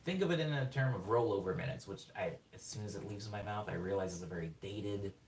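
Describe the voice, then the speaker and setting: A man on a live production stream, excitedly explaining rhythm while rambling and interrupting himself, sometimes singing words on the beat. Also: on the low side, fast talker, slight background noise. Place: home studio during a live production stream. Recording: roomy room sound, mic at a distance, faint music.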